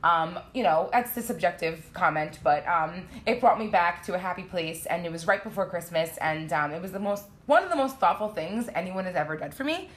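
A woman in her late thirties, a guest on a casual podcast, telling animated stories and laughing often. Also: on the low side, fairly quick, hardly any pauses. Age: 30s. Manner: animated storyteller, laughs a lot. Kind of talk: casual chat.

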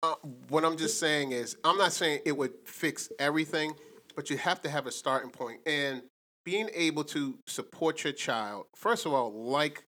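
Bright-voiced man arguing hard. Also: fairly high pitch, normal speed. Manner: emphatic, argumentative. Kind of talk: casual debate chat.

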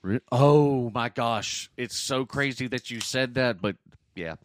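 A man's voice: mid-range voice, takes it slowly. Tangent-prone man chatting. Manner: tangent-prone, apologetic, animated storyteller. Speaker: podcast co-host. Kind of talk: casual chat.

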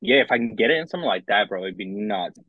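A young Australian musician being interviewed, talking casually and hesitantly, with many restarts and fillers. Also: male voice, lowish voice, lively intonation, quick pace, slightly rough, no echo. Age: young adult. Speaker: musician guest. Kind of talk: casual chat. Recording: dull, lo-fi dry recording.

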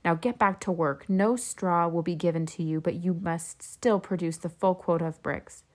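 A woman reading the part of a scornful male king, slow and emphatic. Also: lowish voice, a little mellow, close to an everyday voice. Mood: angry.

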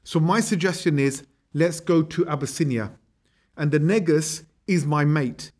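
A man's voice: fairly high pitch, a little slow, darkish tone, close to an everyday voice. A man voicing a scheming middle-aged male Meccan envoy in a casual, slangy retelling. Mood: plotting.

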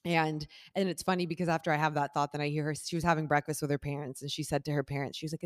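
A woman hosting a podcast, telling a story in casual chat, animated and acting out the dialogue. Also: sits low, quick pace. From Los Angeles area resident. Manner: animated, acts out quoted dialogue, laughs through story. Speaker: podcast host.

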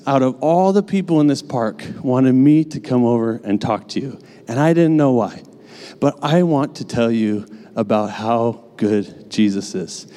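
A man's voice: mid-range voice, dark tone. A man preaching a sermon as a casual story, full of fillers like "like" and "you know.". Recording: long hall reverb.

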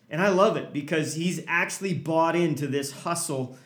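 A man's voice: a little high, normal speed, fairly bright tone, echoey room. A man hosting a motivational podcast as a hockey coach, talking earnestly and hammering points home with repeated lists.

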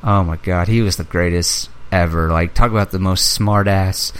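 A young man with a slightly low voice talks in a loose, casual chat, getting carried away with enthusiasm. He swears freely and slips into little impressions of movie characters as he retells scenes. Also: moderate pace, smooth. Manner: excitable fan, swears freely, acts out movie lines.

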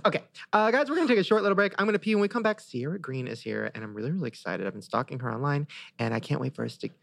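A man hosting a podcast, chatting in an animated, gossipy way and swearing freely. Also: a little high, rapid-fire, creaky, dry recording, studio quality. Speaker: podcast host. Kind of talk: casual chat.

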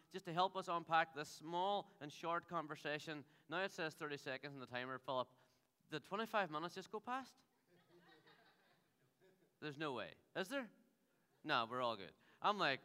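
A man's voice: fairly high pitch, pushed and bright, smooth. A man, preaching a sermon in a joking, rambling storyteller way. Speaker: pastor. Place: theatre. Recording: theatre hall reverb.

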